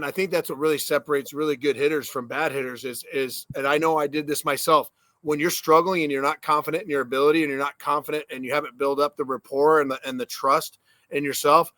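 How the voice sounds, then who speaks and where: Male co-host, ex-player, bright forceful tone, dry sound, casual swearing storyteller. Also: fairly high pitch, steady tone, quick pace, dry recording. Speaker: podcast co-host, former player. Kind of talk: casual sports chat.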